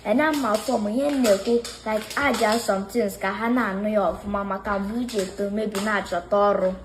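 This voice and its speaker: A woman's voice: medium pitch, fairly even intonation, a little fast, background noise. A woman acting as interviewer in a casual debate, talking animatedly and mixing Igbo and English.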